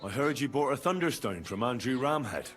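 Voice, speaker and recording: A man voicing a young healer who speaks calmly and bargains shrewdly. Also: medium pitch, brisk, faint music behind. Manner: calm, persuasive, shrewd.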